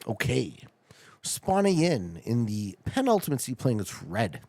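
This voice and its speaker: Animated, gravelly-voiced male game streamer. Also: mid-range voice, unhurried, no room sound. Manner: animated, laughing, chatting with viewers. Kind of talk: live-stream gameplay commentary.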